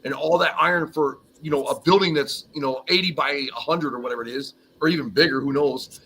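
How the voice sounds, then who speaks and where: Man, loose rambling storyteller, bright tone, faint room noise. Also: fairly high pitch, fairly quick, low-quality recording. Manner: rambling storyteller, says "whatever" often. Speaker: guest, former iron worker. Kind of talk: casual live-stream chat.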